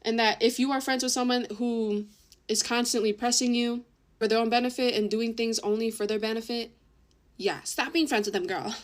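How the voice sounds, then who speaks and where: A woman's voice: a little high, fairly even intonation, moderate pace, slight background noise. A young woman telling a story in a casual, chatty way, swearing often and acting out what people said. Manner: chatty, swears a lot, acts out quoted voices. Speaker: vlogger.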